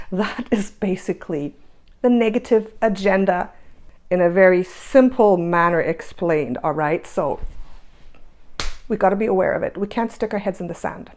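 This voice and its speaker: A woman's voice: medium pitch, measured pace, long pauses, darkish tone, slight background noise. A woman hosting a spiritual energy-update monologue, emphatic, repeating her phrases and asking rhetorical questions. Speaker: spiritual channel host.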